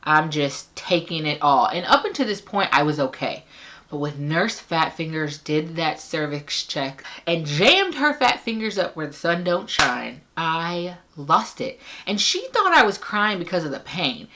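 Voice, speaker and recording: A young woman vlogger casually telling her birth story to camera, animated and acting out the people she quotes. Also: a little slow, slight background noise. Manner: animated, acts out quoted voices with big pitch jumps. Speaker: parenting vlogger.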